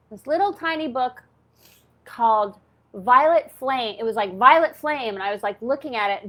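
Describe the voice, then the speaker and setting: This channel host, a woman in her fifties, has a slightly high, somewhat bright voice. She chats candidly through a personal story, filling it with "like" and "okay?".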